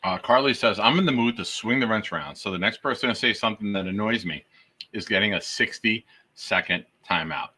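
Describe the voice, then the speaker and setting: A man's voice: on the low side, a little fast, pushed and bright, husky. A man hosting a casual sports talk show, teasing his co-host in a wry way.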